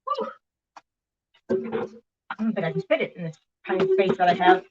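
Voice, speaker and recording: A middle-aged woman chatting casually on a live stream, bubbly and warm with viewers, often laughing and greeting them by name. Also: lowish voice, very animated, normal speed, muffled recording, noisy background. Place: small room in her truck.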